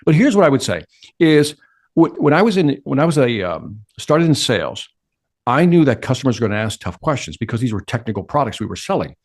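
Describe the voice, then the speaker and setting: A man's voice: mid-range voice, very animated, a little fast. A middle-aged man answering interview questions with energy, acting out quotes and his own inner talk. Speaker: sales speaker and interview guest.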